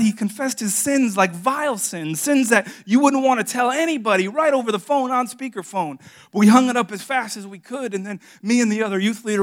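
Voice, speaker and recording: Joking, confessional male pastor preaching. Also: high voice. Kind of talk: sermon with a personal story.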